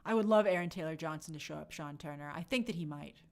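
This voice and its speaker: A young woman hosting a casual live stream, reading viewer comments aloud and chatting in an animated way with many fillers. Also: low-pitched, fast talker, creaky. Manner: chatty, animated, lots of fillers and quoted asides.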